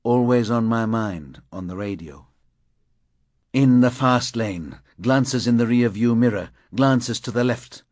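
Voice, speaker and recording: A man's voice: medium pitch, slow, darkish tone, dry recording. A man narrating a crime novel in the first person, in clipped, fragmentary phrases. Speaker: audiobook narrator.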